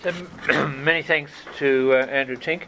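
A man hosting an event and moderating questions, asking in a halting, thoughtful way. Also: fairly high pitch, steady tone, very noisy.

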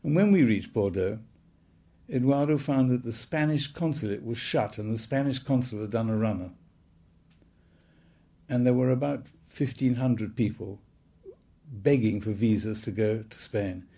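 A man's voice: mid-range voice, fairly even intonation, normal speed, dark tone. A man in his eighties recounting childhood memories in a wry, anecdotal storytelling manner. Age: 80s. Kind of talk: reminiscing talk.

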